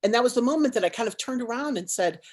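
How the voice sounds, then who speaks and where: Animated storytelling woman on a panel. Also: a little high, fast talker. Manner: lively, dramatic retelling with many likes and restarts. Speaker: nonprofit co-founder and CEO on a panel.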